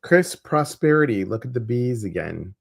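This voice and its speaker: A chatty male co-host reads viewers' questions and oracle cards on a casual livestream. His voice sits at a middle pitch and his delivery stays loose, with teasing asides and bad dad jokes. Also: big pitch swings, normal speed, gravelly, breathy edge.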